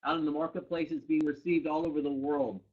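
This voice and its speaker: A man's voice: a little high, flat delivery, quick pace. Upbeat man greeting a live webcast. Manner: upbeat, reads out viewers' locations and greets them. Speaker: company co-founder hosting a live product training. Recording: dull lo-fi webcast audio.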